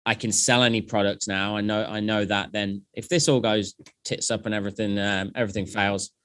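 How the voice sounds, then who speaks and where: A man's voice: on the low side, brisk, dry recording, clean studio sound. Man telling sales stories. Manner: animated storyteller acting out past conversations. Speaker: guest, company founder. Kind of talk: casual podcast interview.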